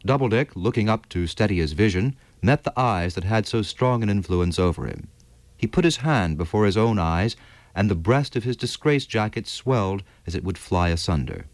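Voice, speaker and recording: A male narrator with a fairly low voice, reading a classic story at a measured, unhurried pace. The recording is close and dry, with no room sound. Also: expressive, no echo. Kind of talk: audiobook narration of a classic novel.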